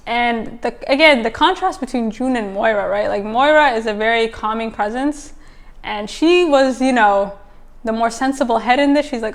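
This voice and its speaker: A woman hosts a casual TV episode review, speaking in a slightly high voice. She talks in a loose, chatty way, full of fillers and quick asides. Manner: chatty, filler-heavy, exclaims. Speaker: TV recap host.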